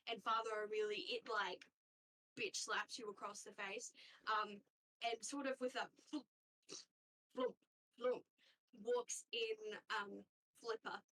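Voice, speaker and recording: A woman's voice: medium pitch, steady tone, slow, long pauses, pushed and bright, recorded from a distance, low-quality recording. A woman as game master narrating a tabletop game, rambling with frequent fillers and casual swearing.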